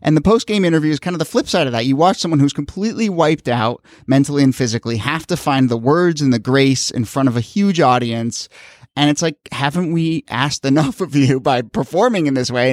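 An earnest man co-hosting a podcast and talking through his opinion with feeling. His voice sits at an ordinary middle pitch, recorded close and dry with no room sound. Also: quick pace, no room sound. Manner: earnest, animated, emotional. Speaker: podcast co-host. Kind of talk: casual podcast commentary.

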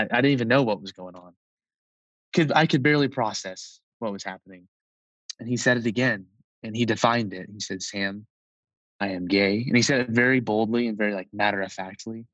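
A young man in his twenties tells a story from his own life in a relaxed, conversational way. His voice sits fairly low, and he scatters "like" through his sentences and breaks into small laughs. The sound is dry and close, with no room around it. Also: no room sound, dull audio. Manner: conversational, with frequent "like" and soft laughs. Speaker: storyteller recounting a personal experience. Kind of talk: casual personal storytelling.

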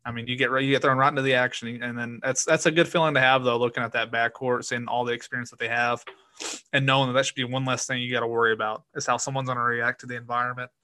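A man's voice: mid-range voice, level tone, quick pace, bright, forceful tone, no room sound. A man co-hosting a sports podcast, talking casually and thoughtfully about the season. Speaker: podcast co-host.

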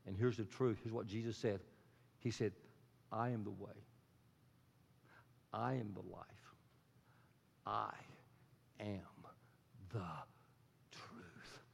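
A man preaching a sermon as a pastor, swinging from loud, soaring lines to hushed whispers. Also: medium pitch. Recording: reverberant hall with music underneath. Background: soft guitar music.

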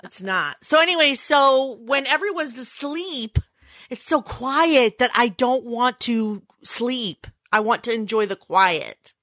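A woman co-hosting a casual podcast chat, telling animated family stories and acting out the voices in them. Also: on the high side, slow, dry recording. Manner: chatty storyteller, acts out voices in anecdotes. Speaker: podcast co-host.

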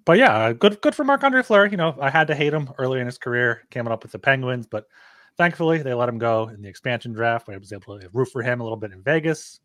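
Male podcast co-host, relaxed and easygoing, mid-range voice, dry sound. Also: mid-range voice, quick pace, no echo. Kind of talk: casual sports betting podcast chat.

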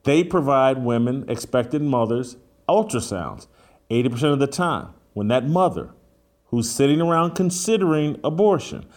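A man's voice: mid-range voice, a little mellow. Fired-up male talk show host. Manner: emphatic, urgent, with frequent "uh" fillers.

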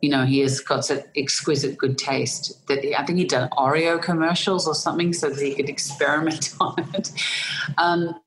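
A woman's voice: low-pitched, fairly even intonation, normal speed, a little hiss or hum. A middle-aged Australian woman, an actress in an interview, telling anecdotes with frequent laughter and fillers. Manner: laughs often while telling stories, hesitant fillers.

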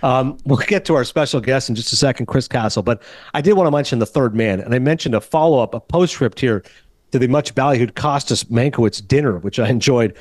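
Canadian guy hosting a movie podcast, talks super fast, dry close sound, lively storyteller. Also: medium pitch, dry recording. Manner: animated storyteller who acts out other people's lines. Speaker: podcast host. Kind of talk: casual film podcast chat.

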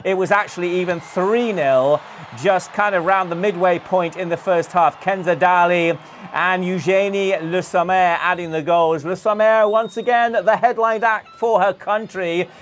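A man delivering a lively sports news report with effusive enthusiasm. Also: high voice, a little hiss or hum. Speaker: sports correspondent.

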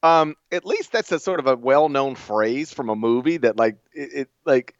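A man's voice: mid-range voice, animated, moderate pace, no echo, highs cut off. A man co-hosting a podcast in casual chat, ranting emphatically about his pet peeves. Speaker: podcast co-host.

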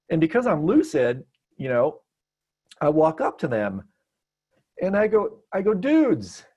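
A man with a slightly husky voice leads an online teaching session over a video call. He tells stories in an animated, self-mocking way and laughs often. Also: medium pitch. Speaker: meditation teacher.

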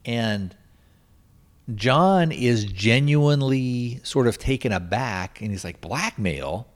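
A man's voice: mid-range voice, animated, takes it slowly. A man hosting a podcast, casually retelling a film's plot in a rambling way, with many restarts and filler words. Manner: rambling, lots of restarts and "you know". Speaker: podcast host reviewing a film.

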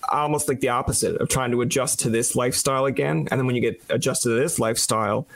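A man's voice: medium pitch, fairly even intonation, fast, gravelly, dry recording. A young man from Newfoundland hosts a podcast in casual chat. He has a mid-range voice and tells his stories by playing out quoted back-and-forth exchanges. The sound is dry and close. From Newfoundland, Canada. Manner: storytelling, acts out quoted exchanges. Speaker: podcast host. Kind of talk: casual conversation.

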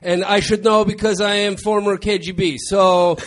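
A man putting on a mock Russian president in a comedy sketch, with a put-on Russian accent and halting, broken English full of uhs. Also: high voice, level tone, close to an everyday voice. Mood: deadpan. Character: mock Russian president, deadpan, bumbling propagandist.

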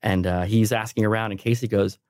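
A man in his thirties, a sound engineer guesting on a podcast, telling a funny story in a lively way and laughing often. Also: lowish voice, fairly quick, no room sound, studio quality. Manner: animated, laughing while telling stories. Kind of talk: casual storytelling.

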